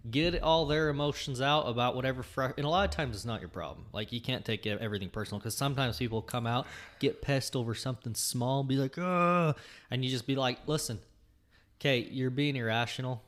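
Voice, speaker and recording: A man's voice: medium pitch, quick pace, hardly any pauses. A man in casual podcast chat, chiming in and reflecting, with casual swearing.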